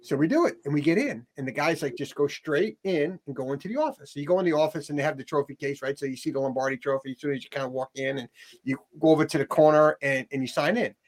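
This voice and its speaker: A middle-aged man telling a story in a casual interview, animated, acting out the people he quotes, with frequent restarts. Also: a little high, fast talker.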